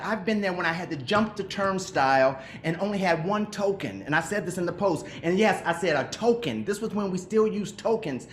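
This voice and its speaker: A middle-aged actor whose voice sits high talks a little fast with few pauses and lively intonation, his remote video-call audio roomy with a little hiss or hum. As an interview guest, he reflects earnestly and with emotion, often restarting sentences.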